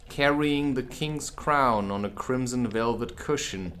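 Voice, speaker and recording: A man reading a children's classic aloud as an audiobook, with casual asides. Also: mid-range voice. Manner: unhurried, expressive, drops in casual asides. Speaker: audiobook reader. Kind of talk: audiobook narration.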